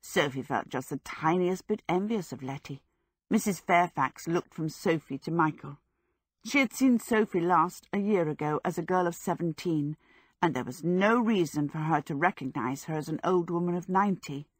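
A woman narrating a novel as an audiobook in a measured, expressive reading. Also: fairly low pitch, slightly rough, no room sound, clean studio sound. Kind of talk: scripted narration.

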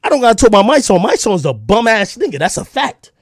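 A man streaming an angry, profane rant, confrontational and breaking into shouts. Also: high-pitched, very animated, fast talker, no room sound, clean studio sound.

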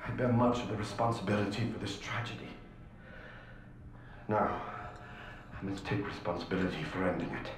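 An actor voicing a haunted, guilt-ridden male scientist in a video game, urgent and pleading, swinging between hushed and loud. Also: low-pitched, normal speed, long pauses, close to an everyday voice. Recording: roomy game audio.

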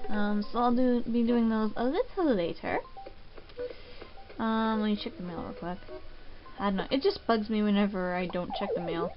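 A woman hosting a casual game commentary, chatting in a relaxed way with plenty of "um" and "like". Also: a little high, normal speed, muffled recording. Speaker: gaming channel host. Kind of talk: casual Let's Play commentary. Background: game music.

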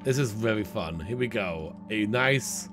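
Lively, playful man narrating a game. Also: lowish voice, over music. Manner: playful, chatty, often laughing; voices his game characters in quick asides. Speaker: gaming channel host. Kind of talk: let's play commentary.

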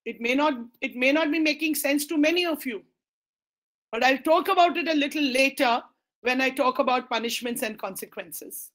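A high-pitched, middle-aged woman speaks with an Indian English accent. She gives a public talk as a school principal, telling stories and acting out the quoted lines. She drops Hindi phrases into her English. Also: normal speed, a bit bright.

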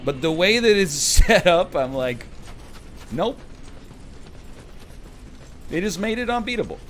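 Male streamer, sarcastic live commentary, lively voice, outbursts. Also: high voice, a little fast, slight background noise. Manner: sarcastic, animated, with sudden shouts. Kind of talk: casual live-stream commentary while gaming.

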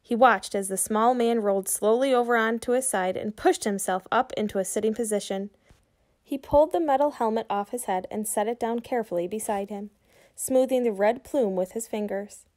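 A woman reads a children's chapter book aloud in a clear, slightly high voice. She stops now and then to quiz her young listeners before carrying on. Her delivery is steady, like a teacher at story time. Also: a little fast. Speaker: reader for children.

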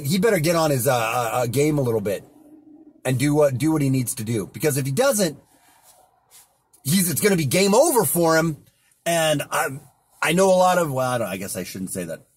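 A man's voice: fairly high pitch, breathy edge, no echo. A man delivering a heated, profane rant from inside a car, often repeating himself. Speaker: vlogger. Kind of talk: angry ranting monologue.

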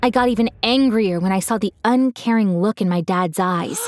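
A woman's voice: mid-range voice, moderate pace, dry recording, studio quality. Woman narrating a dramatic personal story.

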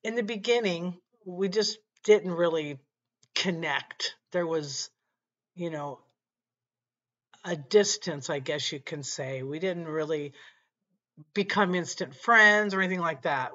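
A woman vlogger telling a personal story in a casual, unhurried way, often saying "you know" and "like". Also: low voice, fairly bright tone. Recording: dull lo-fi recording.

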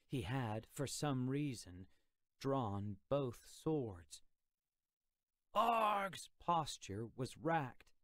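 A man narrating a first-person audiobook in a measured, expressive storytelling manner. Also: medium pitch, dry recording, studio quality.

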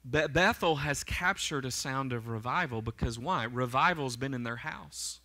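A man's voice: mid-range voice, normal speed, bright, forceful tone. Fervent male pastor preaching. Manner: fervent, emphatic preaching with frequent "right?" and "amen?" to the congregation. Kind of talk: sermon. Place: church sanctuary.

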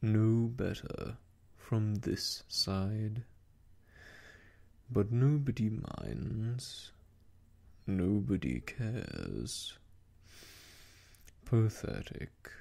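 A man voicing a gloomy old male donkey, talking slowly and mournfully in a whispered role-play. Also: fairly low pitch, sing-song, gravelly, dark tone, full character voice. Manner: slow, mournful, self-pitying sighs.

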